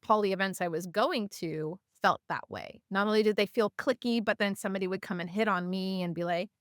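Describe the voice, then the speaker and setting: A woman guest on a podcast, chatting casually and telling stories in an animated way, often with fillers. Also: mid-range voice, fairly quick, no room sound, studio quality. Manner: animated, acts out voices of people in her stories. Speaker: podcast guest, community organizer. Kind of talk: casual storytelling in conversation.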